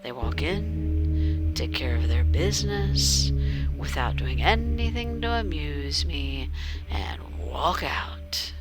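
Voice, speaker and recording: A woman's voice: low voice, animated, slow. A woman narrating her character in the first person during a tabletop game, wry and sardonic, often dropping into a whisper. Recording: clear music behind.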